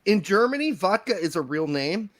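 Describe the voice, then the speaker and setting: A male podcast host with a lively, swooping voice keeps the talk jokey and teasing, throwing in mock voices and asides. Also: sits high, normal speed, crowd noise. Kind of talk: casual podcast chat.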